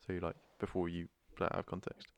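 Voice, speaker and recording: A man co-hosting a casual podcast, bantering and teasing in relaxed chat. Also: low voice, fast talker, no room sound. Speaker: podcast co-host. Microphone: headphones and podcast mic.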